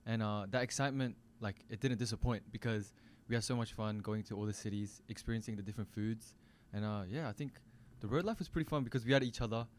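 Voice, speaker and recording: A man's voice: lowish voice, fast talker, few pauses, a little mellow, a little hiss or hum. A man guesting in a radio interview, telling stories in an upbeat way and acting out what people said. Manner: upbeat storyteller, acts out quotes. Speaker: band member guest. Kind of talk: casual interview talk. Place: radio studio.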